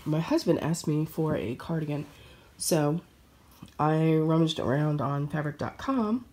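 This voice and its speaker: A woman with a low voice chats to camera as a sewing vlogger. She is hoarse from a cold, and her friendly, rambling delivery is full of fillers and restarts. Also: measured pace, darkish tone. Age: adult with children. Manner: chatty, with frequent fillers and restarts. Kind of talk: casual chat to camera.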